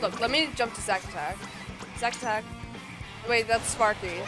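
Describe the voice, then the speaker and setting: Excitable high-voiced woman gamer. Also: unhurried, long pauses. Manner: excitable, playful mock-angry outbursts. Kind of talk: gameplay commentary. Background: game music.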